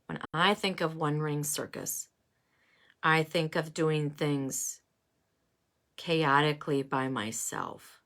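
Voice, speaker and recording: A woman giving a casual oracle card reading, musing and halting with many fillers. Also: low voice, fairly bright tone.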